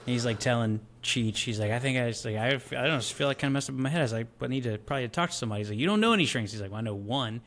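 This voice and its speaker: A man co-hosting a podcast in casual movie chat, animated and telling movie scenes in quick bursts. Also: medium pitch. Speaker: podcast co-host.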